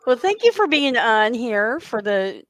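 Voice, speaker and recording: A woman's voice: fairly high pitch, big pitch swings, a little slow, dry recording. A woman hosting an author interview, chatting casually with short, encouraging replies. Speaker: interviewer host.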